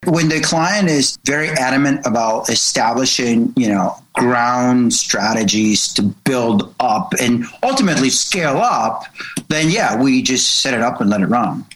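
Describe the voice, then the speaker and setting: A man's voice: medium pitch, lively intonation, unhurried, background noise. A man who is a marketing consultant, explaining his approach earnestly in a casual interview, repeating words and using many fillers.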